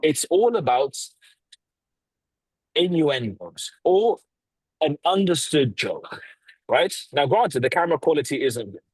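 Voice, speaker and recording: A blunt male sales coach talks over a video call, cursing freely and leaning on pauses and stressed words. His voice is slightly husky, and the sound is very dry with no room around it. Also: a little high, no echo, low-quality recording. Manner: blunt, swears freely, lively tonality with pauses and emphasis.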